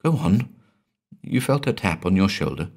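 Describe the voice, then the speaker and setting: A man's voice: sits low, animated, moderate pace, a little mellow, breathy edge, full character voice. A man as a blustering, stout commercial traveller. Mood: uneasy. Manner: hearty, blustering.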